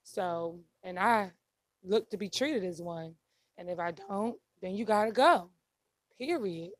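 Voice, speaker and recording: A woman's voice: medium pitch, expressive, a little slow, no room sound. A woman on a discussion panel speaking firmly and with assurance about her standards. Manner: firm and self-assured, states her standards. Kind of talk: casual panel debate.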